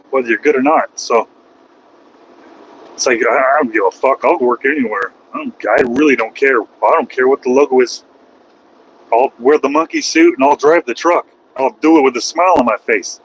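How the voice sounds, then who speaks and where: A man's voice: medium pitch, a bit bright, low-quality recording. Middle-aged male trucker vlogging from the cab, folksy, rambling, casual swearing; faint road noise. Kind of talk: casual chat while driving.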